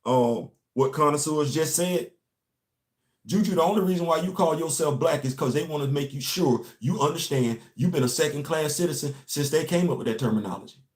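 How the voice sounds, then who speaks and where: A young American man hosts an impassioned, preachy monologue in a voice on the high side, speaking a little fast and repeating his key lines emphatically. The room sounds echoey.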